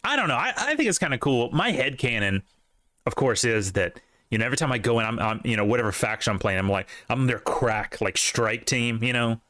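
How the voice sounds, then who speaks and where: Rambling young podcast host, dry sound. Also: male voice, mid-range voice, fairly quick, no echo. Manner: rambling, animated, lots of fillers and restarts. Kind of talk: casual chat.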